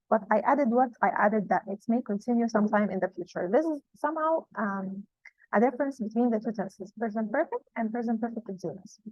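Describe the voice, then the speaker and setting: Higher-voiced woman teaching grammar, dry and dull. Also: no room sound. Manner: repeats rules slowly and with emphasis. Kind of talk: classroom grammar lesson.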